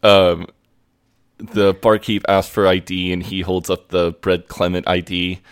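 A man's voice: low-pitched, little pitch movement, measured pace, clear, resonant tone. A man casually recapping a sitcom episode on a podcast, laid-back and hesitant. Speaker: podcast co-host.

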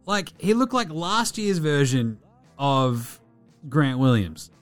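A man's voice: a little high, slow pace, soft background music. Blunt Australian man talking sport. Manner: blunt, excitable, swears freely. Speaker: podcast host. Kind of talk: casual sports podcast chat.

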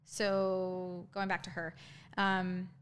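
A woman guest in an interview telling her own story candidly, halting, with frequent ums and restarts. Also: fairly low pitch, completely flat delivery, clear, resonant tone.

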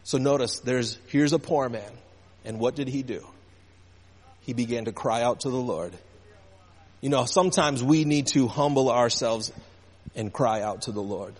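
A man's voice: mid-range voice, moderate pace, long pauses, a little mellow, husky. A male pastor preaching a sermon, calling out to the congregation, with emphasis that rises and falls. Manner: call-and-response preaching, rising and falling emphasis. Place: church sanctuary. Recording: church hall reverb.

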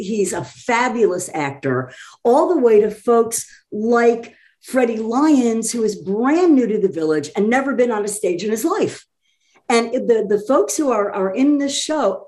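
A woman's voice: mid-range voice, warm tone. A woman chatting eagerly as a guest about a community theater show. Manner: enthusiastic, talks quickly in bursts. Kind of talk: casual chat.

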